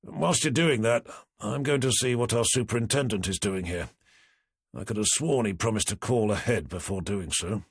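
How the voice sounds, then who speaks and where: A brooding detective chief inspector who talks in cold, terse mutters, as a man reads him. The voice is slightly husky and close, with a dry sound. He carries a crime audiobook. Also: fairly low pitch, moderate pace, no room sound. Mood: measured.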